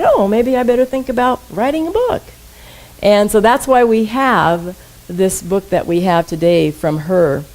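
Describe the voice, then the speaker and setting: A woman's voice: lowish voice, a little mellow, rough recording. Woman minister, conversational sermon voice, engages congregation with questions. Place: church sanctuary.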